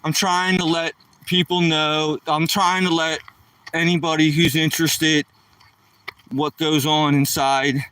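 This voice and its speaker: A man's voice: fairly high pitch, little pitch movement, unhurried, bright, forceful tone, clear, resonant tone, far from the mic, rough recording. A man live streaming while walking outdoors, chatting nonstop in a hyper, joking way with viewers. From East Coast of the United States. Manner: hyper, talkative, jokey. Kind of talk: casual live-stream chat.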